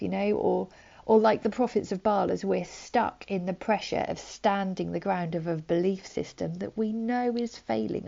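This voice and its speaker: Gravelly, mellow woman preaching. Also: mid-range voice. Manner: soft, conversational, many likes and ums. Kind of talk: gentle sermon. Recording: dull lo-fi recording.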